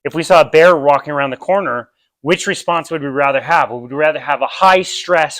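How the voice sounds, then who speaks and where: A man's voice: a little high, a little fast, pushed and bright, no echo. A man with an American accent giving a casual nutrition lecture in a park, explaining with vivid everyday examples. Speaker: nutrition seminar presenter. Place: outdoor park.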